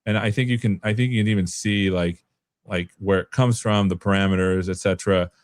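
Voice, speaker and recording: A man's voice: low-pitched, steady tone, a little fast. A man on a video call giving a casual, rambling walkthrough of an app he built, with lots of "like" and "right?". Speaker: developer guest demoing an app. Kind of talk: casual tech demo chat on a livestream.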